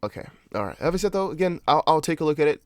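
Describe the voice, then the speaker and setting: Rapid-fire and on the high side, this young adult host's voice swings widely in pitch as he runs an informal crypto stream in English, which isn't his native language. He fields viewer comments loosely, with restarts and apologetic asides, in a dry, clean studio recording.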